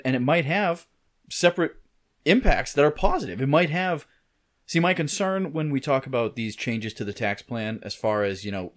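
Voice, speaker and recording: A man co-hosting a podcast in casual chat, thinking aloud and rambling with lots of fillers. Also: mid-range voice. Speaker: podcast co-host.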